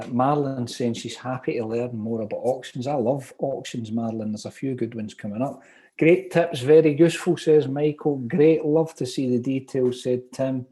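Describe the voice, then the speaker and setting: A Glasgow man with a thick Glaswegian Scottish accent reads out viewer comments while leading an online property training session in a cheerful, chatty style. His voice has a medium pitch and a warm tone.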